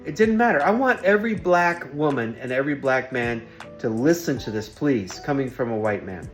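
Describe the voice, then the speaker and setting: A man's voice: medium pitch, lively intonation, normal speed, soft background music. A man hosting his own vlog in an earnest, emphatic monologue, repeating himself and pleading with listeners. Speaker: vlogger hosting a workplace show.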